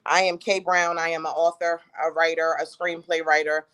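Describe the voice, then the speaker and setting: Lively New woman chatting casually. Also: low voice, clear, resonant tone. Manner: animated, quick bursts, casual slang. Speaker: co-host and author. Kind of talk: casual livestream chat.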